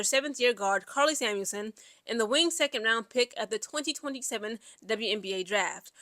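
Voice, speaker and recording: A woman's voice: a little high, no room sound. A young woman, giving casual, chatty sports commentary full of fillers and reading an article aloud. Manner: chatty, animated, many "like" and "you know" fillers.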